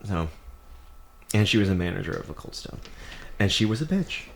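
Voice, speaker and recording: A man's voice: sits low, very animated, normal speed, vocal fry. A man, a comedian guest on a casual podcast, telling candid, profane stories.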